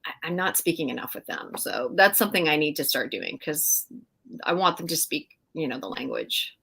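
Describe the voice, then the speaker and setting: A middle-aged woman, a guest in a casual interview, telling animated stories with frequent laughs and fillers. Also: sits low, normal speed, gravelly, husky. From Canada. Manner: animated storyteller, laughs often, many fillers. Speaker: guest actress.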